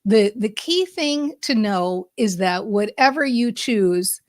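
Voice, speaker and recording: A woman hosting a podcast, giving an upbeat, emphatic motivational monologue that speeds up and slows down for effect. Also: mid-range voice, lively intonation, no room sound, clean studio sound. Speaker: podcast host and mindset coach.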